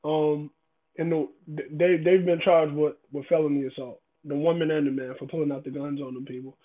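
A man in a casual debate, emphatic and profane, often repeating himself. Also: on the high side. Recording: tinny phone-like sound.

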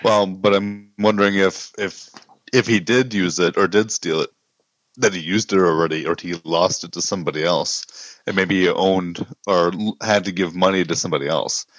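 A very deep-voiced man mulls things over on a comics podcast, stumbling into restarts and questions. The recording is dry and dull, with a narrow, lo-fi tone. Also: steady tone, moderate pace, a bit bright, dry recording. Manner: thinks aloud with restarts and questions. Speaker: podcast co-host. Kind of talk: casual chat reviewing comics.

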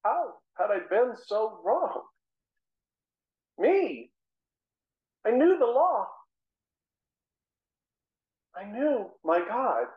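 A man playing the apostle Saul in a first-person dramatic monologue, telling the story earnestly with measured, dramatic pauses. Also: a little high, lo-fi sound, natural voice. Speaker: guest speaker. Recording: roomy echo.

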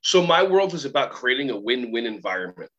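Man telling stories, acts out kid and teacher voices, mid pitch, slightly dull muffled recording. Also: brisk. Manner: animated, acts out quoted voices of kids and teachers. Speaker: guest, workshop trainer and keynote speaker. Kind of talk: storytelling interview talk.

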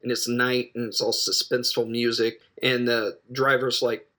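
A man casually recapping a film he watched, rambling and joking with quick asides and self-corrections. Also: medium pitch, level tone, sharp tone. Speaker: film reviewer.

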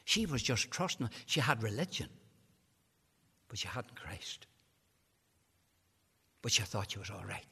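A man's voice: on the low side, big pitch swings, measured pace, creaky, pauses often, slightly rough. A man preaching an evangelistic sermon, telling a story with rising passion. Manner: impassioned, building to shouted climaxes. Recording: long hall reverb.

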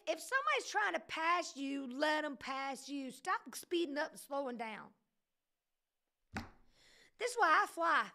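A woman's voice: very high-pitched, vocal fry, bright, forceful tone. A woman leading a casual livestream Bible study, preaching in a chatty, joking way that keeps wandering off into digressions.

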